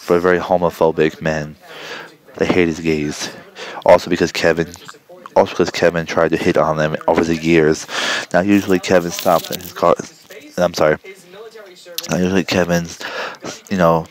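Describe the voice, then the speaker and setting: A man's voice: low-pitched, low-quality recording. A man improvising a crude comic story, rambling and often stopping to correct himself. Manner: rambling, halting, self-correcting.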